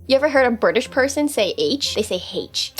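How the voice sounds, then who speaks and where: A woman vlogger talks in a lively, animated way, her pitch swinging up and down. She mocks herself and laughs often as she practices, and her voice sits a little higher than most. Light music runs underneath. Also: a little fast, husky. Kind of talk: casual vlog, practicing an accent.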